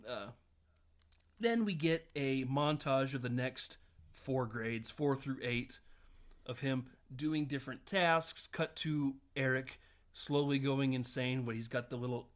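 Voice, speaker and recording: A man's voice: mid-range voice, slow. Male podcast host, casual recap, laughs a lot, acts out the lines. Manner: retells scenes while acting out the lines, laughing often.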